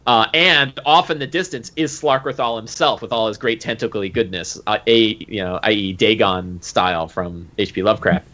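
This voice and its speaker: Bright-voiced man recapping a tabletop game. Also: on the low side, normal speed, hardly any pauses. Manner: animated, full of fillers and acted quotes. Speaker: game master. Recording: dull lo-fi recording.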